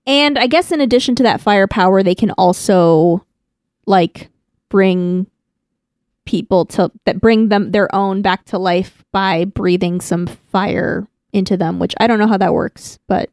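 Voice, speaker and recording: A woman's voice: mid-range voice, a little slow, a little mellow, no echo, clean studio sound. A young woman co-hosting a podcast, chatting casually with frequent laughs and fillers. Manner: giggly, chatty, lots of fillers. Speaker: podcast co-host. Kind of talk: casual chat.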